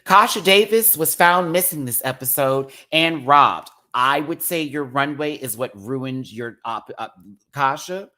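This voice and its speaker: A man giving a casual, sassy rant review of a TV show, full of drag slang and expressive asides. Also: on the high side, measured pace.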